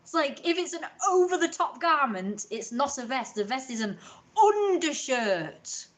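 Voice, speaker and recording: An English woman from Britain ranting in a casual live stream from home, opinionated and indignant, swearing freely. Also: a little high.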